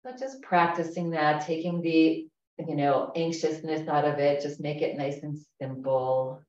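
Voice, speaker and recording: A woman instructor leading a chair yoga class, calm and gentle, giving slow breathing cues. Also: deep voice. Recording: echoey, distant, dull room recording.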